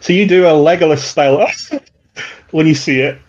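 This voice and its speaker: A man's voice: fairly high pitch, moderate pace, darkish tone. A man running a tabletop game as game master, chuckling and rambling with fillers. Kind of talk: narrating a tabletop game with players. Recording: dull lo-fi sound.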